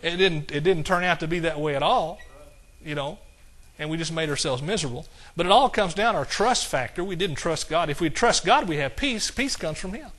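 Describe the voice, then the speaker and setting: A man preaching a sermon in a folksy way, slowing down to quote scripture in a measured cadence and chuckling at his own jokes. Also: a little high, lively intonation, a bit bright.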